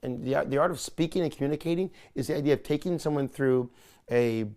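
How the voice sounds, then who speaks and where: A man's voice: medium pitch, quick pace, dark tone. A man coaching someone on speaking to camera, talking energetically with lots of emphasis and repetition. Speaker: video presentation coach. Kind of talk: coaching session. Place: California.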